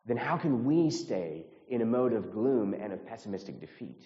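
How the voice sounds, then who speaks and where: A man's voice: big pitch swings, normal speed, hardly any pauses, mellow. Earnest preaching man in a reverberant hall. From United States. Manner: earnest preaching, repeats phrases, rises in pitch when stirred. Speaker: pastor. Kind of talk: sermon. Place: church sanctuary. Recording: reverberant hall, slightly dull sound.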